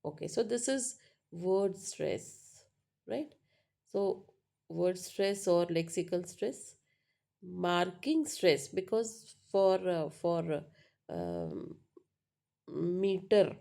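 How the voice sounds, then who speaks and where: Slow, mellow-voiced woman teaching. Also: fairly low pitch, expressive, gravelly. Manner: halting, full of fillers and checking "right?". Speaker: English teacher. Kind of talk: spoken lecture on pronunciation.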